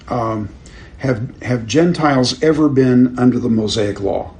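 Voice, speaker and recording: A man's voice: medium pitch, a little slow, darkish tone. Older man teaching a Bible class. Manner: conversational, questions the class, chuckles at his own stories. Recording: roomy with faint background noise.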